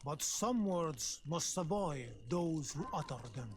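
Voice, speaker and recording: An actor voicing a wary islander engraver in hiding in a video game, speaking in slow, solemn, formal sentences. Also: male voice, fairly high pitch, lively intonation, background noise. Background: game music.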